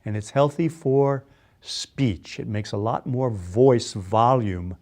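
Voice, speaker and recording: A voice and speech exercise instructor leads a guided class, patiently coaching and demonstrating yawns and sung tones. He speaks slowly at a medium pitch with a darkish tone.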